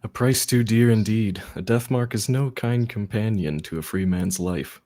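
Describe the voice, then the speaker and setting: A man reading a grave rebel general, lowish voice. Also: moderate pace, warm tone, close to an everyday voice. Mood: solemn. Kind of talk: Shakespearean-style verse reading.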